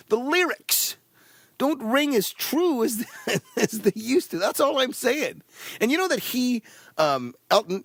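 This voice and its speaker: A man's voice: high-pitched, gravelly, no room sound. A man doing stand-up comedy with a rambling, meandering delivery full of fillers and his own laughs.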